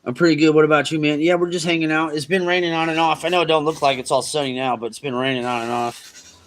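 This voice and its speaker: Man, slightly high voice, casual cursing chat, riverbank livestream. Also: fairly even intonation, racing, slight background noise. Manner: laid-back, swears freely, talks to chat. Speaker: fishing livestream host. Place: outdoors on a riverbank.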